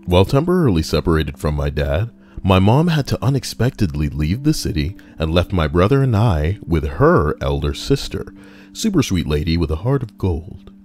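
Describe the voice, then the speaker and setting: Streamer, male: a very low voice, reads posts aloud and adds crude jokes, with faint music underneath. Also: sing-song, normal speed, a little mellow. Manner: crude, joking asides between readings. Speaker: streamer reading online posts. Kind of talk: casual livestream reading.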